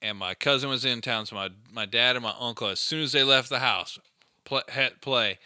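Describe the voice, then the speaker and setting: Male podcast host in his thirties, smooth clear voice, loose and chuckling. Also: medium pitch, moderate pace, sharp tone, no room sound, clean studio sound. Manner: laid-back, laughing storyteller. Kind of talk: casual podcast chat.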